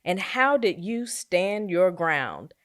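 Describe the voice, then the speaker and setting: Enthusiastic woman host, lively pitch, casual interview. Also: slow.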